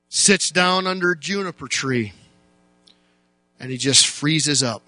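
A pastor delivers a sermon, telling the story with drama as he sinks into slow, quiet words and then leaps into loud, shouted bursts. His voice is fairly high-pitched, and the recording is dry.

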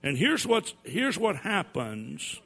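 A pastor preaching a sermon, his voice swinging between loud rises and quiet drops. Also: fairly high pitch, sing-song, slow pace, creaky, breathy edge. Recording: long hall reverb with mains hum.

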